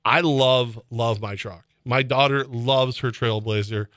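A man hosting sports radio, talking animatedly with laughs and sudden shouts, reading ads in a studio. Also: medium pitch, fairly even intonation, a little slow, dry recording. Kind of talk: casual sports radio banter with live ad reads. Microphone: close studio mic.

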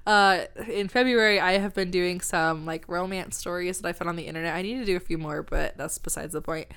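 Woman, podcast host, slightly low voice, chatty, rambling and giggly. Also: steady tone, brisk, a bit bright, clear, resonant tone. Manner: rambling and giggly, many fillers. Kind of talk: casual chat.

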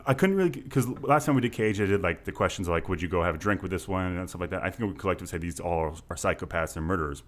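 A man's voice: low voice, expressive, very fast, few pauses. A young man co-hosting a casual movie podcast, blunt and teasing, with frequent swearing. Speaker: podcast co-host. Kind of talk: casual movie-review chat.

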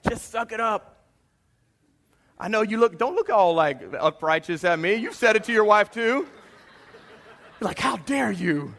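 Pastor, 30s, high bright voice, lively preaching that swings from loud to hushed. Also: male voice. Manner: animated preaching, drops to a quiet hush for confessions. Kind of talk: sermon.

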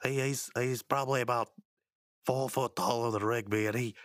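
Dry-joking podcast co-host. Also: male voice, medium pitch, steady tone, moderate pace, a bit bright, no echo. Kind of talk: casual episode recap.

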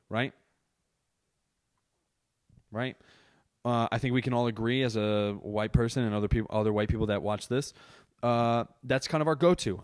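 A man's voice: on the low side, clear, resonant tone. Profane young man ranting on a podcast. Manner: profane, swears constantly; animated, exaggerated storytelling. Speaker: podcast host. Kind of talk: casual solo podcast rant. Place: indoors, seated on a couch.

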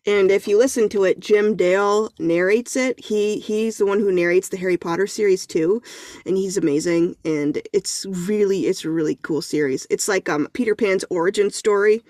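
A woman's voice: mid-range voice, normal speed, a little mellow, no echo, clean studio sound. A woman in her thirties, a podcast guest, talking in a chatty, self-deprecating way with many restarts. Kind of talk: casual chat.

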